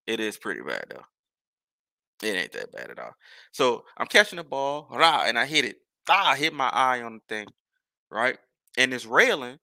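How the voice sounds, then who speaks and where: Gravelly, animated New man. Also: mid-range voice, measured pace, dry recording, studio quality. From New Orleans. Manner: rambling, animated, profane storytelling. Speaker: podcast host. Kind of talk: casual storytelling.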